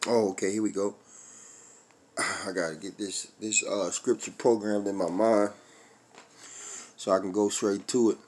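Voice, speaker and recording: A man preaching a fiery religious rant, profane and confrontational, swinging between loud outbursts and low muttering while he reads scripture. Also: steady tone, measured pace, pauses often.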